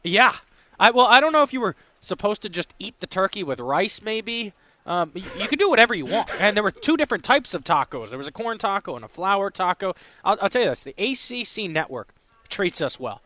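A man's voice: sits high, very animated, fairly quick, bright, forceful tone. A man hosting a live sports radio show, upbeat and chatty, reading out phone numbers between talk. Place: radio row at a sports event.

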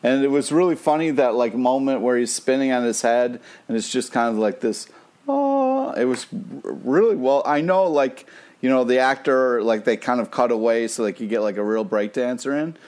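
A man's voice: medium pitch, a little fast, a little mellow. A man co-hosting a casual podcast, gushing about a TV episode with lots of "like" fillers. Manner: enthusiastic, filler-heavy, with lots of "like". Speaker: podcast co-host. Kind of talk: casual chat.

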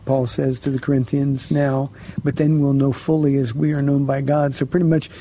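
A man's voice: medium pitch, little pitch movement, moderate pace, warm tone. A man hosting a call-in Christian radio show as pastor, thanking callers and questioning young guests.

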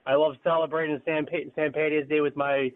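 A man phoning in to a morning radio show, upbeat and friendly. His voice is slightly raised in pitch and comes through a thin, tinny phone line. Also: little pitch movement, brisk. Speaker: caller.

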